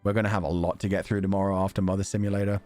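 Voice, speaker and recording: A man casually chatting on a livestream, excitable, laughing often and swearing now and then. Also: deep voice, racing, faint music behind. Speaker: streamer.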